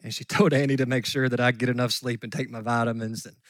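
A middle-aged man preaching a sermon, telling a story earnestly and dropping at times to soft near-whispers. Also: mid-range voice, flat delivery, fast, dry recording. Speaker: pastor.

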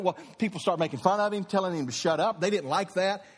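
A man's voice: high-pitched, fast, few pauses, slightly rough, in a large hall. A male pastor preaching a sermon with vivid, dramatic storytelling and sound effects.

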